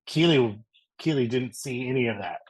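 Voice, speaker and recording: A man chatting as a guest on a podcast, relaxed and full of fillers like "like" and "you know". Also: mid-range voice, moderate pace, poor audio. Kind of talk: casual chat.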